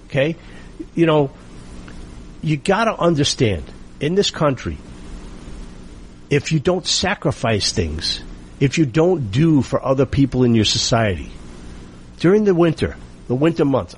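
A man's voice: medium pitch, a little hiss or hum. A middle-aged man from the United States delivering an indignant opinion monologue, full of rhetorical questions and emphatic repetition. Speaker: political commentator.

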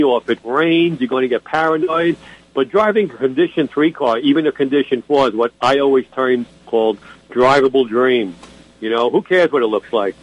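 A man's voice: mid-range voice, muffled recording. A man from Brooklyn, co-hosting a radio car show in a blunt, opinionated, joking way. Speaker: co-host. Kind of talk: casual radio chat.

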